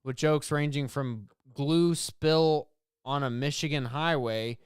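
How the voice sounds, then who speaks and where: A podcast co-host chats loosely through the news, breaking into laughter between lines. His voice sits slightly high and sounds smooth and clear. The recording is close and dry. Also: slow pace, dry recording. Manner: jokey, laughs often, reads news stories aloud. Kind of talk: casual chat reading headlines.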